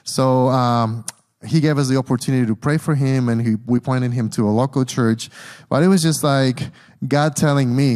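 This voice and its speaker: A man's voice: mid-range voice, normal speed, darkish tone. A man with a Mexican Spanish accent, a guest speaker telling a church his mission story with slides, earnest and storytelling, often restarting his sentences.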